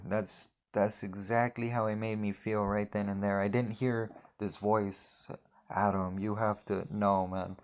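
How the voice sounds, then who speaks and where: A young man tells his testimony in a low, gravelly voice that stays flat and even. He talks in an earnest, halting way and often stumbles back over his own words. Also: a little hiss or hum. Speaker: person sharing his faith testimony. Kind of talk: emotional personal testimony.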